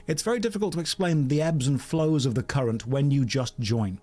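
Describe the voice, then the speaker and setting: A man's voice: a little high, a little fast, hardly any pauses, darkish tone. A man streaming a video game, chatting playfully with viewers in casual commentary.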